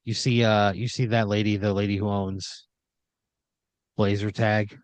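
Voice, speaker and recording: A man's voice: lowish voice, little pitch movement, unhurried, no echo. A man improvising a second-person story as a podcast storyteller, rambling with uhs and restarts.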